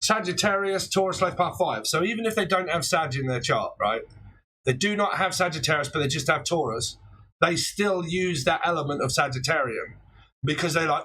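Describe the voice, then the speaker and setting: A man's voice: fairly high pitch, animated, moderate pace, pushed and bright, slightly rough, low-quality recording. A man in his forties doing a chatty live-stream tarot reading, laughing often between points and breaking into theatrical quoted outbursts. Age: 40s. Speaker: tarot reader.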